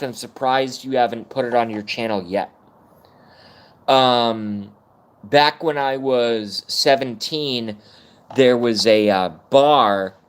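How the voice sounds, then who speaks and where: A middle-aged man ranting casually on a livestream, rambling and swearing while chatting with viewers. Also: medium pitch. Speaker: livestream host.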